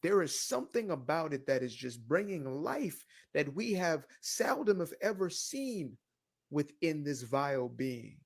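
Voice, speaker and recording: A man giving reaction commentary in a slow, mocking delivery. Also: fairly high pitch, sing-song, vocal fry.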